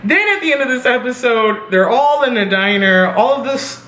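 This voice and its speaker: A young woman casually reviewing a TV episode, animated and profane, laughing at her own reactions. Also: a little high, moderate pace. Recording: echoey room with faint noise.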